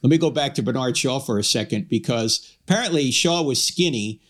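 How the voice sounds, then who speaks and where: A man's voice: mid-range voice, lively intonation, brisk, fairly bright tone. A man hosting a talk radio interview in a chatty way, reading quotes aloud with relish. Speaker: radio show host.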